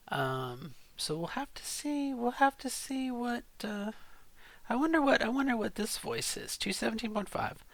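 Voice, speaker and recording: A middle-aged woman talks slowly and hesitantly in a casual vlog, thinking aloud and often restarting her sentences. Her voice sits at an ordinary middle pitch and sounds dry and close, with little room around it. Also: gravelly, no room sound. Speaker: vlogger.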